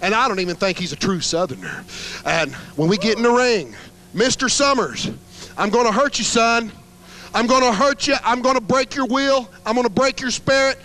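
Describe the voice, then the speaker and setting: A man, a wrestler cutting a boastful, threatening promo that rises toward a yell. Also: extremely high pitch, animated, moderate pace.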